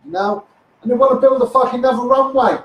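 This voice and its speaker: Ranting Scouse man, high voice, echoey. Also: fast talker, lo-fi sound. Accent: Liverpool (Scouse). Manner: angry, swearing, repetitive asides to viewers. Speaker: self-styled activist livestreamer. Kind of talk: ranting Facebook live monologue. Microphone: phone. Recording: echoey room, far from phone mic.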